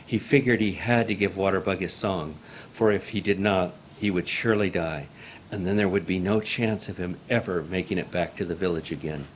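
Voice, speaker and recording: A male storyteller reads a folk tale aloud to an audience at an easy, measured pace. His voice sits fairly low. The manner is formal and calm. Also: a little hiss or hum.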